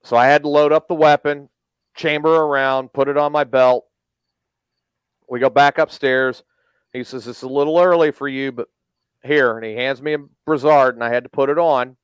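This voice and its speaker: A man's voice: medium pitch, fairly even intonation, moderate pace, clean tone, no room sound. A man telling a blunt, profane story in a casual chat, acting out the quoted lines of each person in it.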